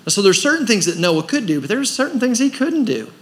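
A man's voice: high voice, sing-song, fast. A man preaching a sermon as pastor of a church, pressing his points with rhetorical questions and rising emphasis. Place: church service.

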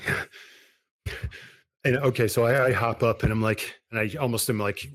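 A man's voice: mid-range voice, steady tone, moderate pace, a bit bright. A man playing a tabletop game, speaking hesitantly and acting out his character's lines. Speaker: player. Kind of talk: tabletop role-play.

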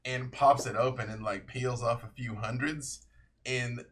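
A man narrating a tabletop role-playing game as the game master, animated and quick to laugh. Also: mid-range voice.

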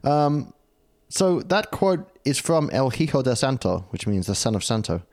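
A man's voice: medium pitch, very animated, moderate pace, a little mellow, no echo. A British man co-hosting a casual podcast chat, joking and reading quotes aloud. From Britain. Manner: jokey, laughing, reads quotes aloud. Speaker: podcast co-host.

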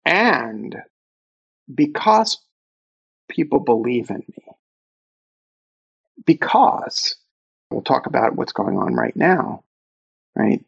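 Gravelly, husky man telling stories. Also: medium pitch, slow pace, long pauses, dull audio. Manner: emotional, animated retelling of conversations. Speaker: interview guest, author. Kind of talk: reflective storytelling.

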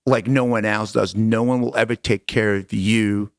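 A man's voice: on the low side, fairly even intonation, normal speed, no echo, clean studio sound. A man, a podcast guest, telling his story in conversation, earnest and emphatic, repeating phrases for weight.

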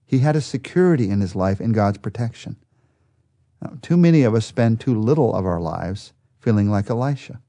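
Man teaching daily Bible study. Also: darkish tone. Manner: earnest, builds to emphatic high peaks when stressing a point.

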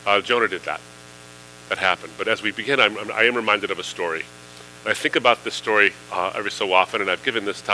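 A man's voice: lowish voice, pushed and bright, slight background noise, rough recording. A man preaching a sermon in a conversational way, with fillers, building to emphatic questions. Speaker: pastor.

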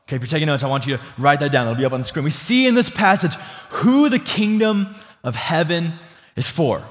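A man's voice: fairly high pitch, animated, brisk. A young adult man, a pastor, preaching a casual sermon full of fillers and restarts, asking the congregation questions. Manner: asks the congregation questions and calls for responses. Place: church sanctuary before a congregation. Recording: long hall reverb.

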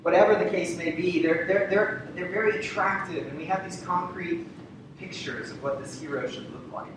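A man preaching a sermon to a congregation, repeating key phrases for emphasis and asking rhetorical questions. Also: moderate pace. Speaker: pastor. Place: church sanctuary. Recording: very echoey hall, distant mic, rumble.

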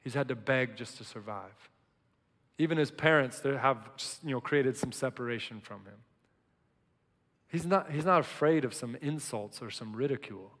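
Male preacher, casual and emphatic, swings quiet to loud, mid pitch, hall reverb. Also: normal speed. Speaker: pastor. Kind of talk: casual sermon.

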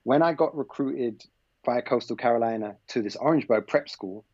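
A man tells a story casually, acting out what people said and leaning on plenty of "like"s. His voice sits at an ordinary middle pitch. The recording is dry, with almost no room sound, and a little dull and lo-fi. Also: moderate pace, darkish tone, no room sound. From England. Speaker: podcast guest, basketball coach. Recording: slightly dull, lo-fi podcast audio.

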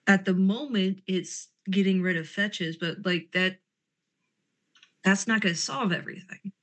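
A woman's voice: medium pitch, unhurried, fairly bright tone. A woman playing a tabletop role-play game, speaking in character with petulant, sarcastic banter and describing her character's actions.

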